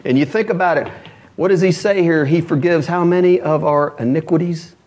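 Male preacher, sermon voice, storyteller who drops low and soft then rises high for emphasis. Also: a little fast.

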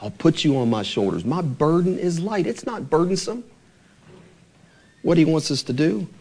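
A man delivers an earnest church sermon in a fairly high, very animated voice. His pitch swings up and down for emphasis, and he slows down deliberately whenever he quotes scripture. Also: breathy edge. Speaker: preacher.

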